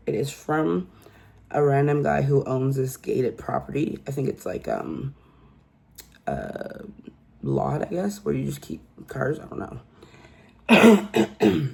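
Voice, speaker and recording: A woman's voice: extremely low pitch, vocal fry, dark tone, slightly rough. A woman hosting a casual true crime recap and telling the story in a chatty, incredulous way.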